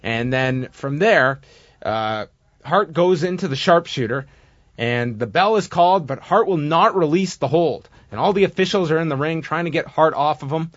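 A man with a slightly higher voice talks through a recap in loose, casual podcast chat. He gets animated when he acts things out. The sound is dull and dry, with a lo-fi edge. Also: normal speed, no echo. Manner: chatty recapping, animated when acting out moments. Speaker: podcast co-host recapping wrestling.

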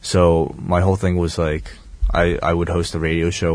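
A man in his thirties co-hosting a casual podcast chat, with a calm, monotone, rambling delivery. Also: sits low, moderate pace, dry recording. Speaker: podcast co-host.

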